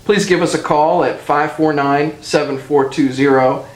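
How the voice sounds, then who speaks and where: A man's voice: a little high, steady tone, moderate pace. Male TV co-host in a roomy studio. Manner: informative, announcing details to viewers. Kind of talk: TV show hosting.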